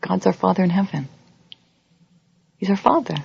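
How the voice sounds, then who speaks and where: Gravelly-voiced woman giving a lively lecture. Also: normal speed, slight background noise. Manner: animated, acts out quoted voices with big pitch jumps. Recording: dull lo-fi audio recording.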